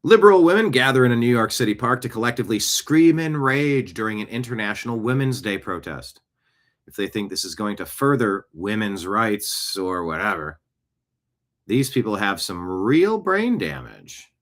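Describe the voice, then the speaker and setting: A man's voice: lowish voice, big pitch swings, normal speed. A man hosting a talk show, giving scornful, emphatic opinions on the news. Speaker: show host.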